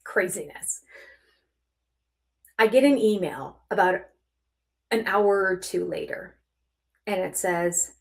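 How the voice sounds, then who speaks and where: An older woman vlogging, chatty and animated, acting out both sides of phone calls with laughs and dropping to a near-whisper at times. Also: fairly low pitch, slow, vocal fry, long pauses. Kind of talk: casual storytelling vlog.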